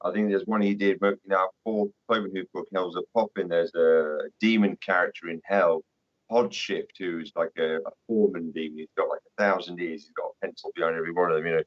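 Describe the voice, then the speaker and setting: A man speaking as a guest author in casual podcast chat, his voice very low. He is measured and appreciative and keeps dropping "you know". The audio is dull and lo-fi. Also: steady tone.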